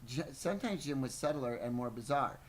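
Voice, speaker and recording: A man's voice: medium pitch, lively intonation, a little fast, a little hiss or hum, rough recording. A man reading a book aloud on a podcast, stumbling now and then and breaking off for playful asides. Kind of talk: live book reading with banter.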